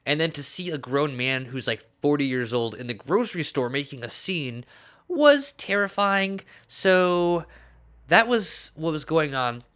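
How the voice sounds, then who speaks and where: A man vlogger telling a comedic story in a deadpan, self-important, mock-serious way. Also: on the high side, a little slow, clear, resonant tone.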